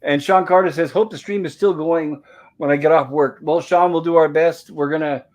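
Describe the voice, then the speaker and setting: A man with a slightly high voice hosts a casual livestream and greets viewers one comment after another. He rambles in a friendly way, trailing off and restarting his sentences often. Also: fairly even intonation, moderate pace, darkish tone. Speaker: host of a review livestream.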